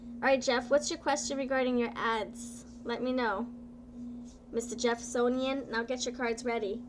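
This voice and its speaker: A woman tarot reader chatting live with her viewers, bubbly and playful, often excited and drawing her words out. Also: fairly high pitch, normal speed, background noise. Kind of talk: casual live-stream chat with viewers.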